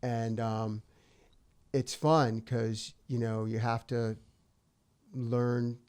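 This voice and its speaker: A man's voice: medium pitch, little pitch movement, drawn-out words, pauses often, darkish tone, smooth. A middle-aged man, a singer-songwriter, talking casually and reflectively in an interview, rambling a little and acting out his own past thoughts.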